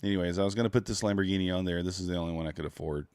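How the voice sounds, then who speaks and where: A man livestreaming his futures trading, chatting casually and rambling to viewers while fiddling with his software. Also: low-pitched, steady tone, rapid-fire, clear, resonant tone, no room sound.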